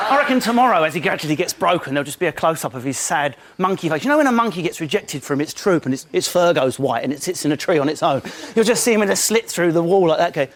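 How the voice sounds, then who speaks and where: A man's voice: a little high, expressive, quick pace, few pauses. A man doing a mocking comedy monologue as a panellist on a live TV studio show, often mimicking people in silly voices. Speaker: comic panellist. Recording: loud studio audience laughing.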